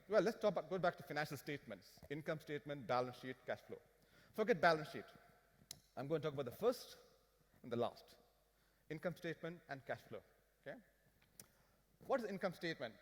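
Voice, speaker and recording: A fairly high-voiced man talks finance to a conference crowd, animated and joking as he fires questions at them. His voice rings out through the long reverb of a large hall. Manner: animated, jokey, asks the audience questions. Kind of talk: lively business seminar talk.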